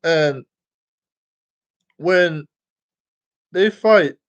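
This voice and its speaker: A man's voice: a little high, drawn-out words, highs cut off. A man talking casually to his viewers, rambling, restarting lines and swearing freely. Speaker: vlogger.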